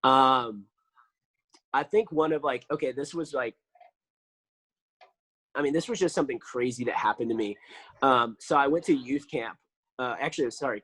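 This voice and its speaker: A man's voice: medium pitch, husky, no room sound, rough recording. A man, a podcast guest telling casual stories full of fillers. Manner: animated storyteller, lots of fillers.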